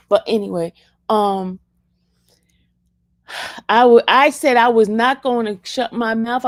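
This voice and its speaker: A woman's voice: mid-range voice, vocal fry, dry recording, clean studio sound. A woman giving a casual, fervent testimony to her viewers, emphatic and repeating her phrases for emphasis. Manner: fervent, praising. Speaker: vlogger sharing a faith testimony.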